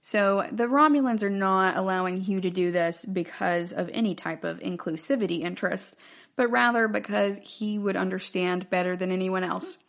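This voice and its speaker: A woman's voice: mid-range voice, moderate pace, gravelly. A woman hosting a podcast, recapping a TV episode in a chatty, loose way with plenty of fillers. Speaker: podcast host.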